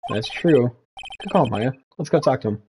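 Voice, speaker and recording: A woman's voice: rumbling low, lively intonation, normal speed, mellow, slight background noise, pitched below the performer's own voice. A woman voicing an awkward young male defense lawyer who talks hesitantly and stammers. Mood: flustered.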